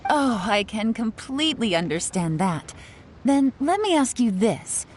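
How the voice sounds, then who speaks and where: A woman voicing a calm, shrewd young female traveler in video game dialogue, measured and politely formal. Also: fairly high pitch, a little hiss or hum. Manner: measured, playfully formal when flattering.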